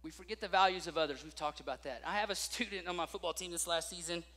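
Animated man preaching in a reverberant hall. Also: sits high, quick pace. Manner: animated storytelling with acted-out voices. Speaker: pastor. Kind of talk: sermon.

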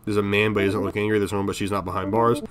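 A man's voice: fairly low pitch, level tone, racing, background noise. A man giving casual commentary on a horror game, jumpy and swearing, talking to himself and his viewers. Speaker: gaming video creator.

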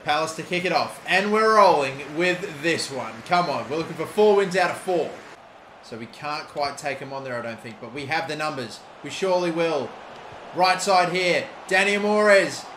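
A young Australian man giving gameplay commentary, excitable, swearing and shouting at big moments. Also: on the high side, normal speed. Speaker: gaming YouTuber. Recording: echoey room with faint noise.

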